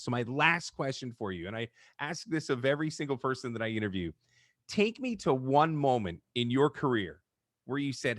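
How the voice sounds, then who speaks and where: A man's voice: medium pitch, a little fast, no room sound, clean studio sound. A man hosting an interview, asking questions and telling stories with enthusiasm. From Canada. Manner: enthusiastic, animated storyteller. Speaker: podcast host. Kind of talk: interview host.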